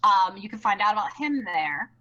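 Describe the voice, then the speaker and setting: An excitable woman talks on a live stream, bubbly and rambling, her words tumbling out with lots of fillers. Her voice has a bright, forward edge and sits at a medium pitch. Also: moderate pace, dull audio. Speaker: live stream co-producer and host.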